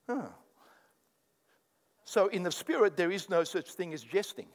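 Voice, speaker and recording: A male pastor preaching with a high, lively voice that leaps up and down. He drops to quiet asides, then breaks into loud, acted-out mock prayers. The sound carries a long reverb, as in a big hall. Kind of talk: sermon.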